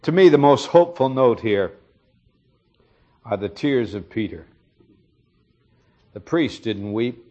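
Earnest guy preaching a sermon, mid pitch, muffled old recording. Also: lively intonation, slow, long pauses, mellow. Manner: earnest, expository storytelling with rising emphasis.

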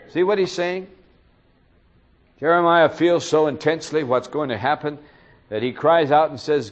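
A man's voice: fairly high pitch, moderate pace, long pauses, highs cut off. A man preaching an expository sermon as pastor, impassioned and swelling to cries in pleading passages.

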